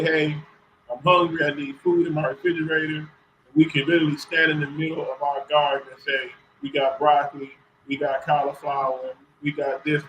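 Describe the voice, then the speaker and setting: A man's voice: fairly high pitch, a bit bright, slight background noise, low-quality recording. Earnest man telling his story. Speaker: community organizer guest. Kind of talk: radio interview answer.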